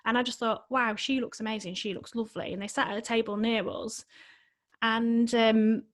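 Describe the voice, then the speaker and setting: A woman's voice: a little high, steady tone, normal speed. A married woman who works as a life coach, talking earnestly and emotionally as a podcast guest, often restarting her sentences. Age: adult, married with children. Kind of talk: casual podcast conversation.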